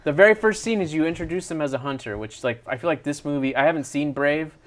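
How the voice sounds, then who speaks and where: A man co-hosting a casual movie review, blunt and animated, swearing freely. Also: fairly high pitch, quick pace. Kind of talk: casual chat.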